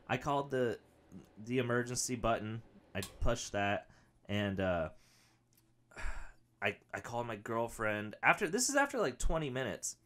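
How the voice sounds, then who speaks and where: A young man hosting a comedy podcast, rambling through a story and acting out the other people in it. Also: unhurried. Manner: animated, acts out quoted voices with big pitch jumps. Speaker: podcast host. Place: home studio with a whiteboard.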